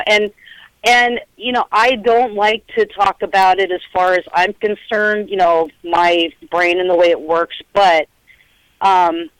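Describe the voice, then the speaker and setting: A woman's voice: medium pitch, no room sound. Chatty middle-aged woman on a phone line. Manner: chatty, animated storyteller acting out quotes. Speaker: paranormal investigator guest. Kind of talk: casual storytelling interview.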